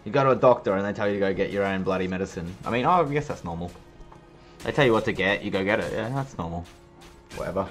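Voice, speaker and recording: Man, low voice, casual joking game commentary, faint background music. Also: fast. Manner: chatty, joking, swears casually. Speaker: streamer.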